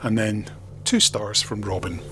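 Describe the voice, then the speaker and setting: A man's voice: lowish voice, a little slow, pushed and bright, slight background noise. A man hosting a podcast, chatting in a wry, self-mocking way as he reads out listener reviews. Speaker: podcast host. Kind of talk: casual podcast chat, reading out listener reviews.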